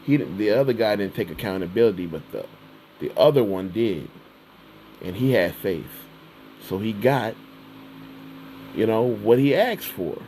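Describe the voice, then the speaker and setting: Slow-talking man preaching casually. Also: lowish voice, expressive, warm tone, slight background noise, low-quality recording. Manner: reads scripture slowly, then paraphrases casually with "all right?". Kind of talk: informal sermon with scripture reading.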